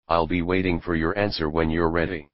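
A man reading the lines of a calm, fatherly old pirate captain in a storybook reading. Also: low-pitched, brisk, dry recording, highs cut off, close to an everyday voice.

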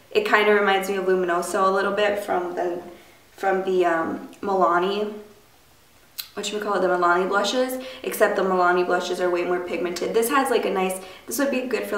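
A young woman chatting loosely through a beauty product review, her voice raspy because she has just woken up, full of fillers and rambling asides. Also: lowish voice. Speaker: beauty vlogger. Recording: echoey room, mic at a distance, faint noise.

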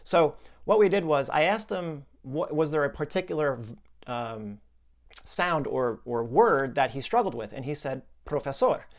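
A man's voice: on the high side, animated, normal speed. A man explaining a client's case in a conversational video lesson, thinking aloud with asides and restarts.

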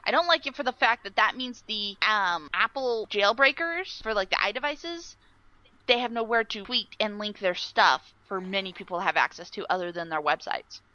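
Bright-voiced woman on a dull, dry mic. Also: medium pitch, moderate pace, dry recording. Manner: swears freely, laughs often. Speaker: podcast co-host. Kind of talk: casual chat.

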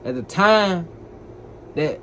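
A young man telling a personal story in a casual, animated way, full of slang and repeated phrases. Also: high voice, slow, slight background noise, poor audio.

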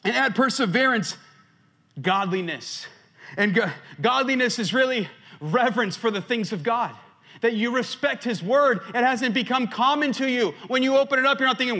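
A man pastor preaching a sermon, swinging between loud emphatic stretches and hushed ones, a little out of breath. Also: extremely high pitch, normal speed.

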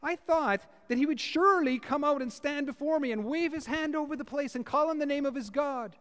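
A man's voice: very high voice, fairly quick, a bit bright, long reverb tail, voice pushed up. A man acting out a proud, indignant army commander in a sermon, ranting with pompous self-importance. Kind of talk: sermon acting out a scripture figure.

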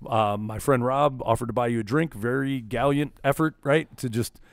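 A man's voice: medium pitch, normal speed, gravelly, dry recording. Rambling storyteller man, dry close sound. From Texas, USA. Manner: rambling, retells scenes with constant "I was like" quotes. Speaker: podcast host. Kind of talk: casual storytelling chat.

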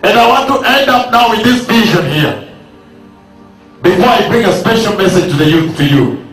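A man preaching a sermon at a slow, emphatic pace, building up to shouted declarations. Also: sits high, expressive. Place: large hall at a university. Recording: echoey hall, from far off, faint music.

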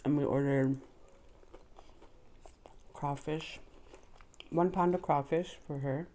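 A woman's voice: deep voice, fairly even intonation, takes it slowly, dark tone. A middle-aged woman vlogger chatting casually to the camera while she eats, humming between bites. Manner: chatty, eating between words, frequent mm-hmms. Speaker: mukbang vlogger. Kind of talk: casual chat while eating.

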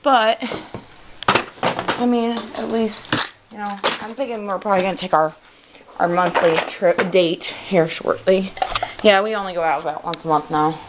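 A woman's voice: mid-range voice, steady tone, unhurried. A young woman, a stay-at-home mom, chatting casually and a bit out of breath while tidying her child's bedroom, rambling and sighing between thoughts. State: out of breath, panting. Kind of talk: casual home vlog chat. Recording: noisy home-camera recording.

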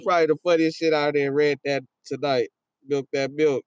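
A man's voice: on the high side, little pitch movement, normal speed, a little hiss or hum. A man hosting a casual livestream, reading viewer comments aloud in a loose, joking and profane way, often trailing off into a mumble. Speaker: livestream host.

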